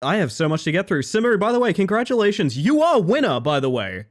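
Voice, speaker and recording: Man, live streamer, casual chat, excitable, swearing, slightly high voice, very animated pitch. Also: fast talker. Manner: excitable, swears, laughs often, swings between loud outbursts and soft low asides.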